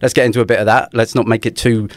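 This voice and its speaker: A man co-hosts a casual podcast and delivers dry jokes at a brisk clip. His voice sits at a middling pitch for a man. The recording is close, with no room sound. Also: flat delivery, no echo. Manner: dry, joking, quick delivery. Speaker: podcast co-host. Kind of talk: casual chat.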